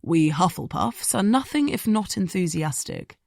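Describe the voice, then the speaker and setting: A woman's voice: medium pitch, expressive, unhurried, vocal fry, darkish tone, no echo. A woman voicing a laid-back young man with a dry, drawling way of talking.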